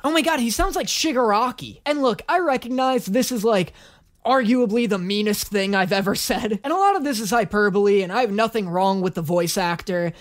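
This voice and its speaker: A woman hosting a comedic reaction video, talking in a sarcastic, animated and profane way. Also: mid-range voice, fairly quick.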